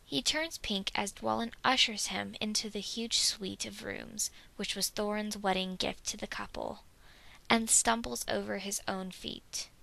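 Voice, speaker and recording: A woman reading a fan fiction story aloud in a soft narration that drops at times to a half-whisper. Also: medium pitch, steady tone, unhurried, vocal fry, poor audio.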